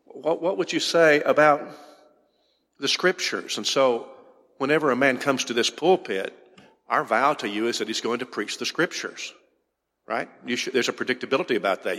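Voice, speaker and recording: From the pulpit of a church sanctuary, a man with a medium-pitched, slightly bright voice preaches a sermon. He drives his points home with repeated rhetorical questions, and long hall reverb fills the recording.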